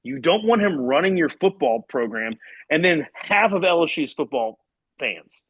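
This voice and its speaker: Animated, ranting man with a husky voice. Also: fairly high pitch, moderate pace. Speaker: podcast co-host. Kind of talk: casual sports talk.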